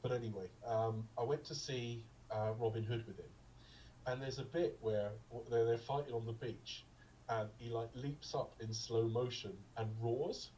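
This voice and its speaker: A man's voice: medium pitch, fairly even intonation, normal speed, dark tone, far from the mic, a little hiss or hum, rough recording. A man co-hosting a podcast, chatting casually about a film in a rambling, digressive way with lots of ums. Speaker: podcast co-host. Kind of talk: casual film review chat.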